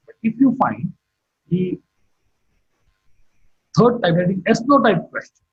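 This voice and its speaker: Husky lively-voiced lecturer. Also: male voice, high voice, phone-quality sound. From India. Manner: explanatory, repeats examples with stress. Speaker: university lecturer. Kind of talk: online phonetics lecture.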